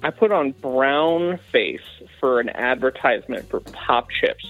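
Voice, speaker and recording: A man's voice: mid-range voice, animated, a little slow, phone-quality sound, soft background music. Defensive man from Iowa, sarcastic. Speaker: caller in a comedy bit. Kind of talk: improvised comedy stream bit.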